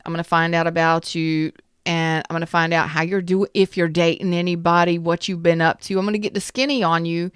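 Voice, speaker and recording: Woman tarot reader, live casual reading, lowish smooth voice, blunt and chatty; close, dry mic. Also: little pitch movement, brisk, dry recording. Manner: chatty and blunt, greets live viewers, acts out little scenes.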